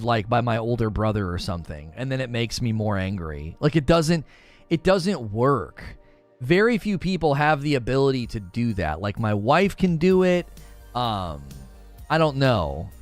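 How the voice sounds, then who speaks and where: A man streaming, chatting casually with viewers in a rambling, laughing manner. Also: medium pitch. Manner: rambling, self-interrupting, laughs often.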